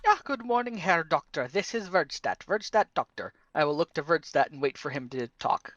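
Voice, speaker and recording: A woman's voice: sits low, animated, moderate pace, fairly bright tone, dry recording, muffled recording. A woman playing a tabletop game, speaking in a playful way. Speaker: player. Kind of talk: in-character tabletop play.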